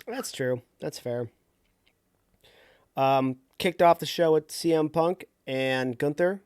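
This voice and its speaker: A man's voice: a little high, takes it slowly, darkish tone, clean tone, dry recording, studio quality. A man co-hosting a casual wrestling podcast, rambling loosely and laughing easily. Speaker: podcast co-host.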